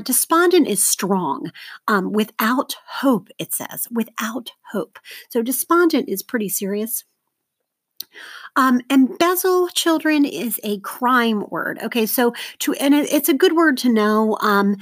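A woman's voice: mid-range voice, fairly bright tone, dry recording. A woman teacher talking her class through a recorded vocabulary lesson, informal and chatty, drifting into asides. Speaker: middle school teacher.

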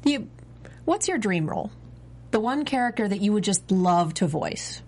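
A woman's voice: medium pitch, animated, normal speed, darkish tone. A woman hosting a casual interview, upbeat and laughing along with her guest. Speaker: show host.

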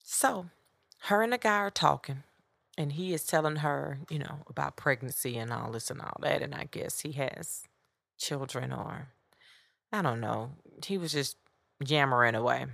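A woman hosting a podcast, telling a story in a blunt, animated way. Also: sits low, moderate pace, vocal fry, no echo, studio quality. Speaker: podcast host. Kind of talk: casual storytelling monologue.

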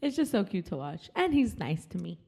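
A woman's voice: on the low side, very animated, a little fast, vocal fry, dark tone. A young woman co-hosting a casual chat, speaking in a supportive, chatty way and swearing casually. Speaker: podcast co-host.

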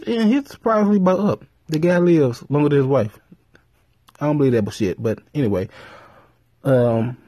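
A man talking casually on his vlog, rambling and cursing freely as he tells stories. His voice is husky and mellow, at a middle pitch. The recording is dry, with no room sound. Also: no room sound. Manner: rambling, profane, animated storytelling. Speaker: vlogger. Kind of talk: casual commentary.

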